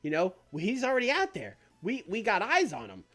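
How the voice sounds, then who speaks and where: Man putting on a slick manager, pitched way up, selling a deal with gusto. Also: wildly swooping pitch, moderate pace, fairly bright tone, full character voice. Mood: coaxing. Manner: persuasive, coaxing. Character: smooth-talking male wrestling manager, scheming and upbeat.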